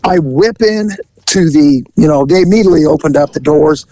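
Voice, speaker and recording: High-voiced, gravelly man telling a wild story. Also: moderate pace, no room sound, poor audio. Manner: animated storyteller, acts out voices, laughs often. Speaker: podcast host telling a story. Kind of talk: casual storytelling.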